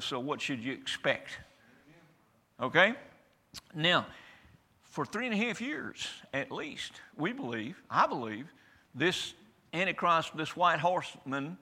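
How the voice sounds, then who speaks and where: A man's voice: on the high side, pushed and bright. A man preaching a sermon to a church congregation in a folksy, emphatic way, often asking for an amen.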